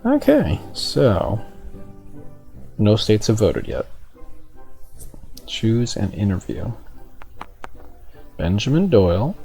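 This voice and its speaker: A man's voice: fairly low pitch, vocal fry, mellow. A man giving casual let's-play commentary, thinking aloud and reading on-screen text. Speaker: gamer.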